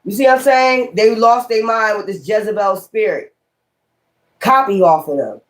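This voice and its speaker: A woman's voice: mid-range voice, moderate pace. A woman giving a casual tarot reading in a blunt, rambling, slangy way, swearing freely and repeating key words. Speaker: tarot reader.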